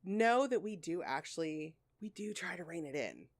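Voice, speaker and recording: A woman with a fairly low voice chats on her podcast. She is candid and rambling and swears freely. Her throat is a little sore. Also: big pitch swings, moderate pace. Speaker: podcast co-host. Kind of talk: casual chat.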